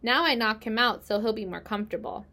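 A woman's voice: on the high side, fast, pushed and bright. Woman doing a clever female spider, storybook, thin pleasant voice, composed, matter-of-fact.

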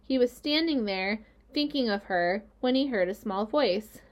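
Woman reading a kids book out loud, soft storytelling voice, fairly high. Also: lively intonation, unhurried. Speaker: reader. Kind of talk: reading a children's novel aloud.

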